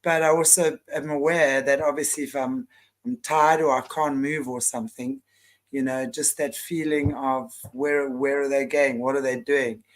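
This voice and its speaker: A woman hosting an interview, answering in an emotional, halting way with many restarts. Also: a bass voice, steady tone. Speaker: host. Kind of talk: interview conversation.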